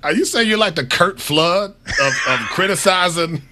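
A man co-hosting a sports radio show, animated and often laughing in casual talk. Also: high voice, normal speed, background noise.

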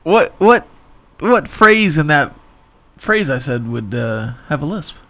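A man's voice: a little high, sing-song, slow pace, a bit bright. Easygoing man co-hosting sports radio. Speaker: radio co-host. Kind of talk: casual sports radio chat.

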